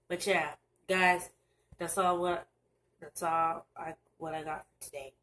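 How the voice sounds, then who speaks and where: A young woman talking earnestly to her camera in a casual advice vlog, halting and restarting her sentences. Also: on the low side, fairly even intonation, a bit bright, rough recording. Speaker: vlogger. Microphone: camera mic, looking down at screen.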